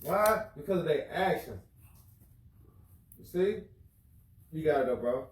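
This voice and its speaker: A man's voice: on the high side, animated, measured pace, reverberant, recorded from a distance, low-quality recording. A man teaching in an informal religious lesson, casual, who keeps asking listeners if they follow him. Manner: casual, keeps asking "you know what I'm saying?".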